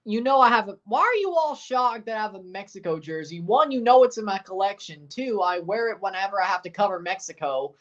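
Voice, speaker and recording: A woman livestreams a football watchalong, calling the play at a fairly quick clip with hardly a pause. Her medium-pitched voice is lively, she sasses her chat back, and the sound is lo-fi.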